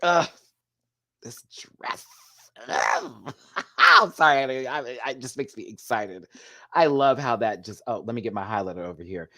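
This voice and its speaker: A man hosting a live video review, gushing and excitable, chatting to viewers and laughing often. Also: medium pitch, normal speed. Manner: chatty, talks back to viewers' comments. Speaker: host reviewing a TV show.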